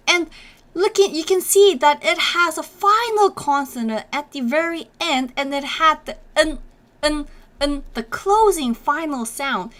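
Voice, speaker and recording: A woman's voice: high voice, animated, a little slow, a bit bright. A young woman teaching a live online Korean class, repeating each sound over and over and cheering on viewers as she reads their comments. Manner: drills sounds by repeating them many times; encouraging, reads chat comments aloud. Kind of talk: live-streamed language lesson.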